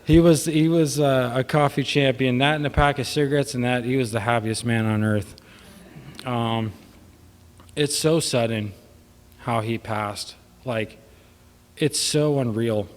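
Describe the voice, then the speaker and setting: At his father's memorial in a church hall, a son gives an informal eulogy in a steady, mid-range voice at an unhurried pace. He rambles, with many fillers, wavering between laughter and sadness. A long church reverb hangs on the recording.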